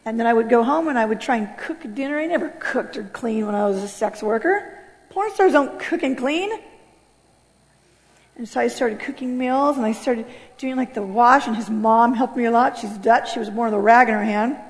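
A woman giving an animated personal testimony and acting out the voices of others. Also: a little high, normal speed. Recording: long hall reverb.

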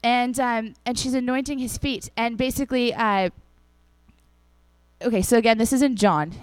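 A woman's voice: a little high, smooth, no room sound. A young woman giving a casual, chatty sermon to a congregation, acting out the people in the stories as she tells them. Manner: chatty and animated, acts out the people in the story. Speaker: preacher.

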